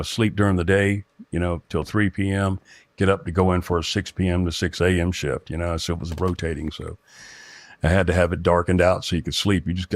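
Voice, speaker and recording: A middle-aged man telling a personal story in a halting way, with many restarts and fillers. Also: low-pitched, dry recording. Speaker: guest telling a personal experience. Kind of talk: rambling first-person storytelling.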